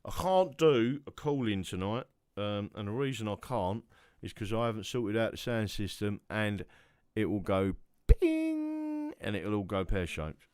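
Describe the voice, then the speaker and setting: A man hosting a livestream from home, talking in a loose, rambling way and sliding into quiet muttering now and then. His voice is low and smooth, and he sounds worn out. The sound is close and dry, with no room echo. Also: normal speed, few pauses. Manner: rambling, chatty, trails off into muttering. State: tired. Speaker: livestream host. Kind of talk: casual livestream monologue.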